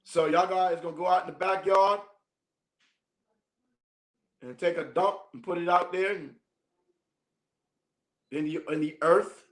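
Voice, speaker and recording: High-voiced joking man in an echoey room. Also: steady tone, measured pace, long pauses. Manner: slangy, joking asides, laughs often. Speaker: minister teaching a class. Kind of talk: reading a text aloud and commenting casually.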